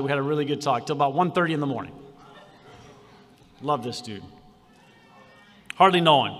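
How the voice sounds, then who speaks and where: A man preaching a sermon, moving from quiet storytelling to shouted declarations. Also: on the high side, long reverb tail. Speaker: pastor. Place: conference hall.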